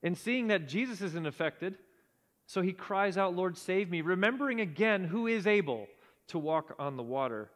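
A man preaching a sermon in earnest tones, often dropping to a hushed low voice for emphasis. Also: expressive, normal speed, long reverb tail. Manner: earnest, drops to a hushed low voice at key points. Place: church sanctuary.

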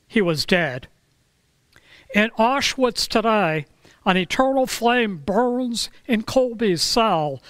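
A man preaching a sermon, telling a story in a slow, measured way with dramatic pauses. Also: high voice, fairly bright tone, clear, resonant tone, dry recording. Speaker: pastor.

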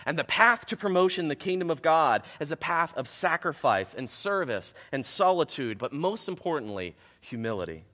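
A man preaching a sermon as pastor, telling a self-mocking story in an animated way before turning to scripture. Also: fairly high pitch, normal speed, hardly any pauses, in a large hall. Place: church sanctuary.

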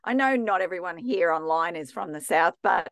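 An Australian woman talks to an online class in a chatty, excitable way, often restarting her sentences. Her voice sits on the low side for a woman, and the sound is close and dry with no room around it. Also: moderate pace, dry recording. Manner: chatty, enthusiastic, many restarts and fillers. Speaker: guest teacher in a theology class. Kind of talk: casual, chatty teaching talk.

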